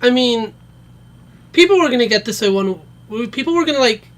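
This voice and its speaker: A man's voice: very high-pitched, expressive, brisk, a bit bright. Matter-of-fact man in casual chat. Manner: matter-of-fact, short remarks. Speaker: podcast co-host.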